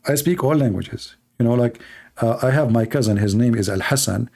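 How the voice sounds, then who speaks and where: With a medium pitch, vocal fry and a darkish tone, a debate streamer who speaks Arabic as his first language gives sarcastic, joking commentary on a live stream. He mocks others using long, drawn-out imitation voices.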